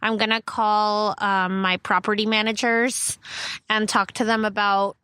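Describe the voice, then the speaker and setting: A woman's voice: medium pitch, flat delivery, unhurried, sharp tone, clear, resonant tone. A woman co-hosting a casual podcast, talking bluntly and swearing freely. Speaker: podcast co-host. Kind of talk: casual chat. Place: outdoors.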